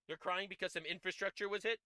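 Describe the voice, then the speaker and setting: A man hosting a live stream, giving mocking commentary on clips with loud excited outbursts. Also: high-pitched, fast, no echo.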